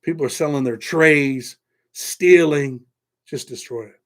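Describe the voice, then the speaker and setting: A middle-aged man with a Southern-tinged American accent and a voice sitting a little high for a man. He hosts a casual livestream, rambling loosely between viewer questions and thanking people by name. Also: unhurried. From New York. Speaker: host.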